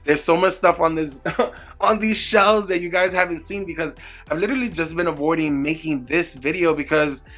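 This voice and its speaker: A man's voice: on the high side, moderate pace, a bit bright. A man in a candid personal vlog, talking emphatically and with lots of swearing, repeating words for emphasis as he urges viewers on. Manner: emphatic, profane, motivational. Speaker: beauty vlogger. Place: indoors at home.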